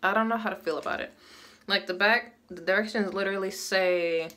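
A woman's voice: mid-range voice, steady tone, brisk, pushed and bright. A woman chatting casually through a get-ready-with-me vlog, candid and laughing often, swearing freely, recorded at home on a phone. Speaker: beauty vlogger. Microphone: phone camera.

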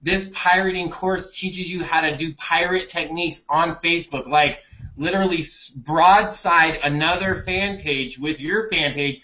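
A man with a bright, forceful voice riffs playfully in a casual online chat, spinning a mock sales pitch. His pitch sits a little high. The audio is dull and lo-fi, as from a web call. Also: steady tone, measured pace. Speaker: co-host marketing leader. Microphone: webcam on a video call.

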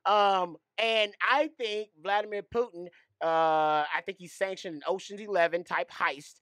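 A man with a bright, forceful voice riffs playfully on a sports podcast. He sounds a bit higher than most men. The studio sound is dry and close. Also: unhurried, clear, resonant tone, no echo. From Houston. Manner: animated, joking, playful. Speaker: podcast co-host. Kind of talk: casual sports talk.

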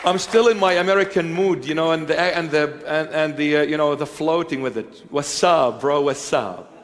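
Halting preacher man in an echoing hall. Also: on the high side, a faint crowd, slight background noise. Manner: halting, many fillers, joking with congregation. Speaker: church bishop preaching. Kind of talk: sermon with question and answer. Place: church hall with congregation. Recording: long reverb of a large hall.

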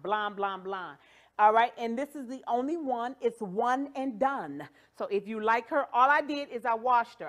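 A woman hosting a livestream wig demonstration, playful and chatty, joking and cheering viewers on with catchphrases. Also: a little high. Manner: playful, sings and jokes, hype catchphrases. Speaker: wig shop host. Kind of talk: livestream product demo.

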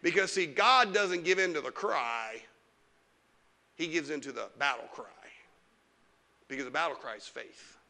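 A man preaching a lively sermon as pastor in a church, teasing the congregation and mocking whiny complainers. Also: a little high, normal speed, creaky, long pauses. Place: church sanctuary.

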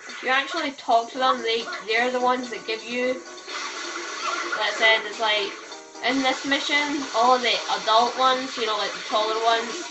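A woman's voice: fairly high pitch, a little slow, poor audio. A woman giving casual, rambling walkthrough commentary while playing a video game. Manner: chatty, rambling walkthrough tips. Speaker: let's play gamer. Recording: game music playing behind the voice. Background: video game music.

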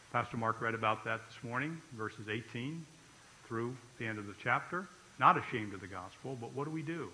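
A man's voice: mid-range voice, pushed and bright, low-quality recording. A man pastor preaching a sermon, emphatic and often checking in with his listeners.

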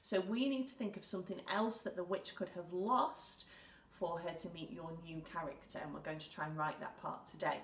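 English teacher speaking clearly to young children. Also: female voice, lowish voice, fairly even intonation, moderate pace, fairly bright tone, far from the mic. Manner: clear, patient and encouraging, reads story lines aloud with emphasis. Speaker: primary school teacher. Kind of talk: recorded lesson for young children. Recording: echoey room, speaker away from the mic.

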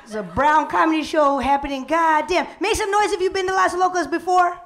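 A woman hosting a live stand-up comedy show, loud and playful, working the crowd. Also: extremely high pitch, fairly quick, background noise.

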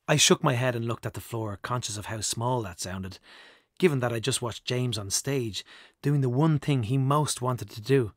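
Man, audiobook narrator, measured, reflective, mid-pitched, dry close studio sound. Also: no echo. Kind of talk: scripted narration.

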